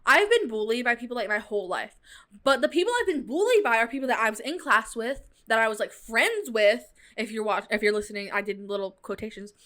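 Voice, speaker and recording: A woman's voice: a little high, brisk. A young woman, a podcast host telling a personal story in a casual, chatty way. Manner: chatty, animated retelling with fillers like "like" and "dude".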